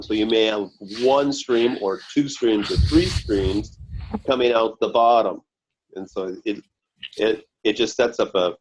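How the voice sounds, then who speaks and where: A man giving a slow, halting technical explanation over a video call, pausing often as he walks through pictures. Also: medium pitch, muffled recording. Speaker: research group member presenting. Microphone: computer mic on a video call.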